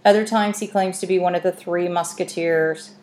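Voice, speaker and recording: A woman's voice: on the low side, steady tone, normal speed, darkish tone, a little hiss or hum, natural voice. A woman doing a dry, sardonic tomcat. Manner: dry, unimpressed. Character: dry, sardonic male house cat.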